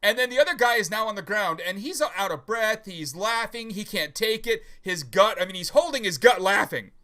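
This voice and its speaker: A man's voice: high voice, animated, moderate pace, sharp tone. A male podcast host in casual livestream chat, a rambling, chatty storyteller.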